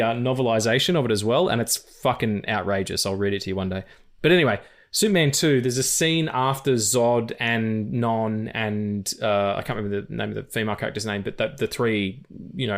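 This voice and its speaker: A man hosting a casual film podcast, talking with enthusiasm, swearing freely and acting out lines from movies. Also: lowish voice. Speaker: podcast host.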